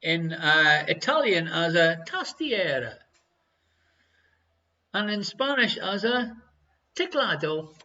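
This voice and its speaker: High-voiced Irish quiz host, bright tone. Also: male voice, sing-song, slow, long pauses. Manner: jokey, repeats each question, banters with his partner off-mic. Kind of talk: hosting a live online quiz show. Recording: dull lo-fi stream audio.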